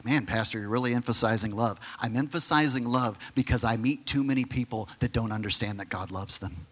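A male pastor preaching a sermon, emphatic and conversational, who sometimes drops to a soft near-whisper on key phrases. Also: mid-range voice, brisk. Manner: direct, conversational asides to the congregation.

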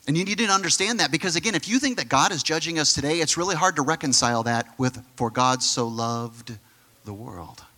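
A male pastor preaching a sermon, emphatic and conversational, who sometimes drops to a soft near-whisper on key phrases. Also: on the high side, animated, fast talker, hardly any pauses. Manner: direct, conversational asides to the congregation.

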